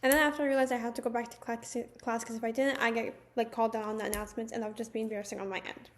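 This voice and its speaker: Young woman doing a storytime vlog, talks quick, says like a lot. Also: fairly high pitch, slight background noise. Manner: chatty, animated storytelling with many "like"s. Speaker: vlogger. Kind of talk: casual storytime.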